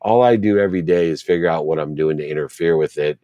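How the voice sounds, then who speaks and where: A man's voice: extremely low pitch, quick pace, mellow, dry recording, studio quality. A middle-aged man, an interview guest, telling a personal story earnestly and repeating phrases for emphasis.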